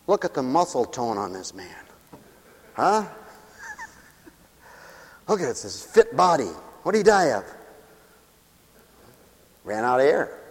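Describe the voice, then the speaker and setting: A man preaching a comic, theatrical sermon, dropping to hushed asides and then shouting as he acts out little scenes. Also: mid-range voice, very animated, slow, pauses often, slightly rough, big-room sound.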